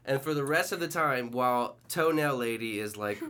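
A young man telling a story in casual podcast chat, animated, acting out the people in it. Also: normal speed. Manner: animated storyteller, mimics people in high voices. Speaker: podcast co-host.

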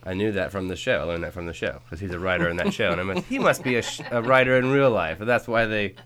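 A man with a lowish voice hosts a loose group podcast chat. He jokes dryly and swears freely, steering the talk between tangents. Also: fast, fairly bright tone. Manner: joking, profane, wry banter. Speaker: podcast host. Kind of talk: casual chat.

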